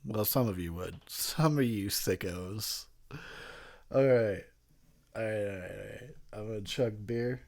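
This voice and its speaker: A man's voice: lowish voice, measured pace, darkish tone. A man who is drunk, giving a rambling, profane film commentary between frequent laughs. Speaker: commentary host.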